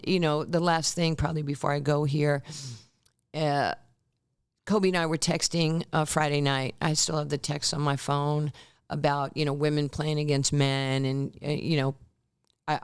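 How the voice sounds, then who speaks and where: Animated woman telling stories, smooth voice. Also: low-pitched. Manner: animated storyteller who acts out quotes. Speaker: guest, former basketball player. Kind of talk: storytelling in a podcast interview.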